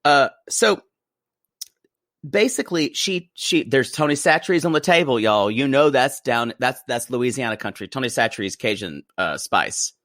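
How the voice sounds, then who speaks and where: Animated, gossipy man podcast co-host. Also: medium pitch, normal speed, no echo, studio quality. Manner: playful, gossipy, laughs often. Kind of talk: casual chat recapping a TV show.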